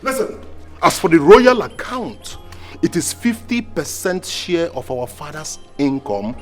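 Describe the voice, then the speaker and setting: An actor with a Nigerian accent playing a stubborn, domineering crown prince who speaks forcefully and often shouts. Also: male voice, a little high, big pitch swings, a little slow, soft background music. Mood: stern. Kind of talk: film acting.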